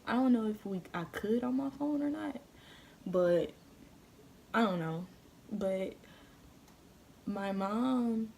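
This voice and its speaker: A woman's voice: mid-range voice, creaky, mellow, slight background noise. A woman vlogger telling a story straight to her viewers in a blunt, heated, casual way, swearing freely. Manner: addresses viewers directly.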